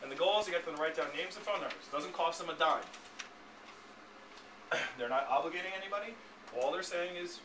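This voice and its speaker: A man teaching a sales training class, talking briskly and checking in with his listeners again and again. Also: sits high. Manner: brisk, keeps checking in with the room. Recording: echoey, distant, noisy room recording.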